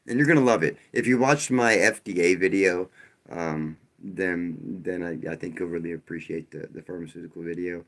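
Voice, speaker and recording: A man's voice: low-pitched, fairly even intonation, normal speed. A man hosting a live stream, talking loosely and casually, with frequent restarts and a wry, sarcastic edge. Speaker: livestream host.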